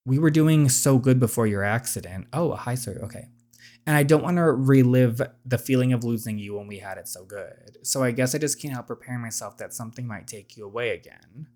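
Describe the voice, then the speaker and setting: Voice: medium pitch, brisk, darkish tone, close to an everyday voice. A reader voicing an uneasy, guilty husband who speaks hesitantly and apologetically.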